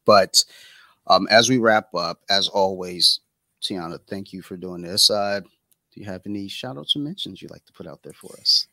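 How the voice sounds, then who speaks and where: Man, podcast host, very low voice, bright sharp tone, dry sound, rambling casual chat. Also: moderate pace, vocal fry, dry recording, poor audio. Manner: rambling with many fillers.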